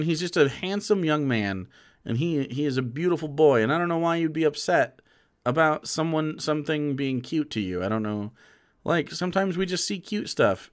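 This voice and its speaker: A male streamer in his thirties talks through a video in loose, rambling commentary. His voice sits on the high side for a man and jumps around a lot in pitch. He sounds incredulous and often restarts his sentences. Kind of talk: casual live-stream commentary.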